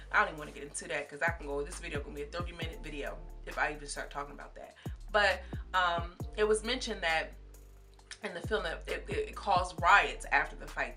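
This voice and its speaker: A woman's voice: lowish voice, bright, forceful tone. A young woman vlogger giving chatty, emphatic commentary on a series and talking straight to her viewers. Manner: chatty and emphatic, addressing viewers as sis and girl. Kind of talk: casual commentary.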